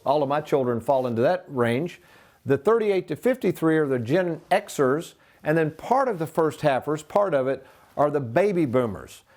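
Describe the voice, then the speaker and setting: An older man hosting a retirement planning show, speaking in a folksy way and calling his viewers "folks." His voice sits a little higher than most men's as he steps through the figures for them. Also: a little mellow. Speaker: financial advisor and show host.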